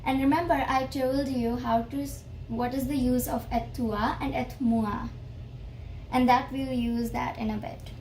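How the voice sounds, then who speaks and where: A woman teaching a beginner French lesson, explaining slowly and repeating each phrase carefully. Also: high-pitched, fairly even intonation, a little mellow, slight background noise, rough recording.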